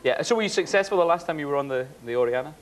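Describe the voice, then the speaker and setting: A man interviewing a guest on a TV show, friendly and brisk with his questions. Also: a little high, lively intonation, heavy background noise. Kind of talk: studio interview.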